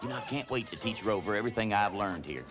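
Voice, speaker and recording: A man in a comedy sketch, talking in a goofy, excitable way to a friend. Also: lowish voice, fast. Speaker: comic lead character.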